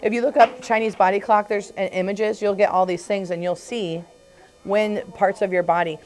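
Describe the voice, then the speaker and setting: A woman's voice: medium pitch, steady tone, normal speed, darkish tone. A woman chiropractor leading a casual group talk, chatty, laughing often and acting out what her patients say.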